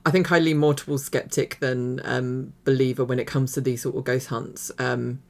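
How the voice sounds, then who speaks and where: A woman's voice: rumbling low, flat delivery, moderate pace. A woman hosting a reaction video, chatting casually and rambling with many fillers and restarts. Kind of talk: casual commentary.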